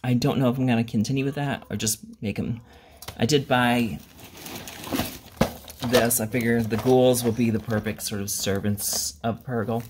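A man's voice: medium pitch, fairly even intonation, normal speed, noisy background. A man hosting a miniature-painting channel, talking casually in a rambling, self-deprecating way, with plenty of ums and uhs. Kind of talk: casual hobby vlog.

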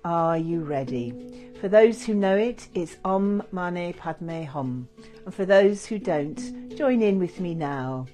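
Gentle lady leading a meditation, talks super slow, effusive, little music in the back. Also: fairly low pitch, lively intonation. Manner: gentle, effusive, many fillers. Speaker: meditation guide. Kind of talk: guided meditation with chanting.

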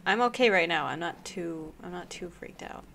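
A woman's voice: lowish voice, normal speed, gravelly, fairly bright tone, a little hiss or hum. A woman commentating a horror game she plays, often exclaiming in fright and laughing nervously. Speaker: gaming YouTuber.

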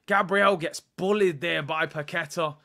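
A young man casually commentating live on a match for his fan channel, chatty and excitable, switching between play-by-play and asides to his viewers. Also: a little high, a little slow, gravelly. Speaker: fan channel host doing a live watchalong.

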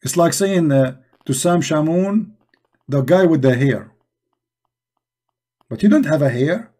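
A husky, slightly high-pitched man hosts a live-streamed debate. He talks in a mocking, emphatic way and piles up rhetorical questions. He sounds like he is at a computer mic on a call. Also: lively intonation, unhurried, warm tone. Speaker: debate show host.

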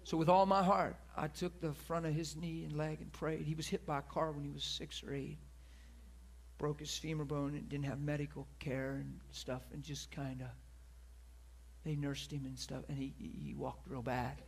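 Male preacher, husky and higher-pitched, animated sermon storyteller who drops into whispers. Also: moderate pace. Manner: animated storyteller, acts out quoted voices, drops to soft whisper at emotional moments.

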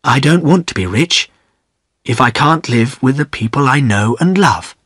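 A man's voice: medium pitch, animated, moderate pace, a bit bright, husky, no echo, clean studio sound. A man playing a firm, tearful young village woman. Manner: pleading, firm.

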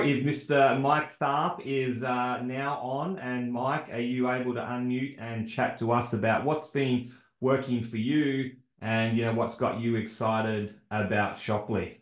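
A man hosting a team video call, jokey and chummy. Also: mid-range voice. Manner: jokey, chummy, says "mate". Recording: roomy echo.

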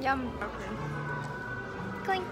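A young woman vlogging at an outdoor theme park, chatty and giggly, filming on a handheld phone. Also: very slow. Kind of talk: casual vlog chat. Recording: loud crowd and music noise.

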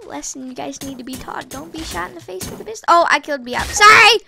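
A woman giving excitable live gameplay commentary, trash-talking opponents and giggling as she plays. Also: high voice, fast talker, vocal fry, background noise. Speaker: gaming channel host.

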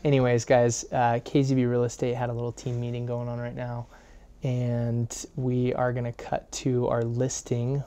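A man's voice: mid-range voice, warm tone. A man hosting a casual vlog, chatty and rambling, sometimes losing his thread. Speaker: vlog host.

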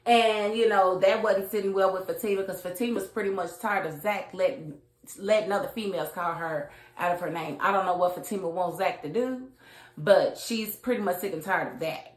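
A woman's voice: medium pitch, normal speed. A woman giving a casual, outspoken recap and review of a TV episode, acting out the characters' lines as she goes. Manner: chatty, acts out characters' lines; colloquial, outspoken. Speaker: TV show reviewer. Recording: roomy echo.

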